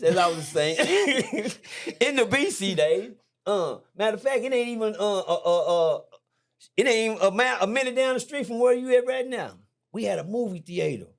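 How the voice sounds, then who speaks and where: Fifties man, raised pitch, playful and digressive, slangy podcast storyteller. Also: vocal fry. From Fort Worth, Texas. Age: 50s. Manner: teasing, rambling storyteller with slang. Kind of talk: casual chat. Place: indoor podcast room.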